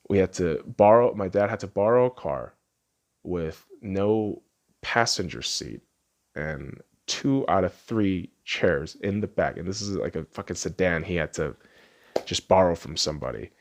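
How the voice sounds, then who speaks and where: A man's voice: sits low, lively intonation, a little slow, creaky. A man in his late twenties, a podcast host, swearing a lot and repeating himself as he tears up over a personal memory. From Las Vegas, USA. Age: late 20s. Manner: profane, repetitive, tearful. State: tearing up. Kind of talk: emotional personal monologue.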